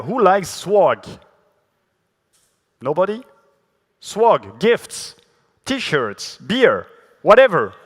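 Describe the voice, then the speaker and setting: A French man gives a technical conference talk in a large hall, chatty and self-deprecating, with plenty of fillers and restarts. His voice is a little high and a bit bright, and the recording carries long hall reverb.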